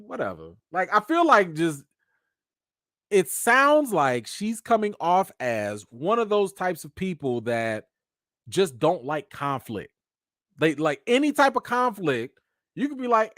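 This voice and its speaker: A man hosting a live commentary chat, talking in an animated, slangy way. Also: high-pitched, a little slow, dry recording, studio quality. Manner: animated, slangy, acts out quotes. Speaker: host.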